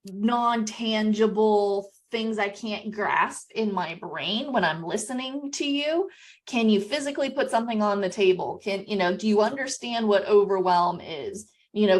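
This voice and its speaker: Chatty woman podcast host. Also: mid-range voice. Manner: conversational, many "you know" and "right?" tags. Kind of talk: casual podcast conversation.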